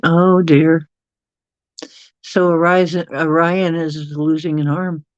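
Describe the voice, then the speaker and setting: A livestream host chatting casually and at length, reading viewers' messages aloud and cooing softly at pets. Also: medium pitch, level tone, slow pace, clean tone, no echo, lo-fi sound. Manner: rambling, chatty, reads chat aloud.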